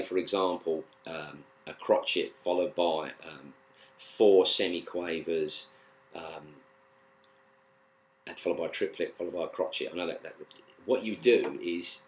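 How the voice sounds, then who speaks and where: A man with a British accent teaching a guitar lesson, explaining in a relaxed, halting way with plenty of fillers and restarts. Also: sits low. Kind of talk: casual spoken lesson.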